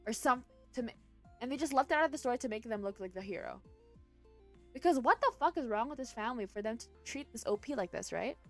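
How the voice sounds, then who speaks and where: A woman streamer reading online posts aloud and reacting to them, breaking into loud cursing outbursts between passages. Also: a little high, expressive, fast talker, soft background music.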